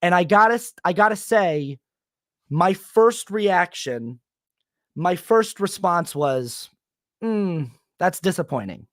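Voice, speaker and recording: A young man talking casually on his solo podcast, rambling with many fillers and restarts, and turning animated when he quotes people. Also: sits high, slow pace, dry recording, studio quality. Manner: animated when quoting others. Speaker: podcast host.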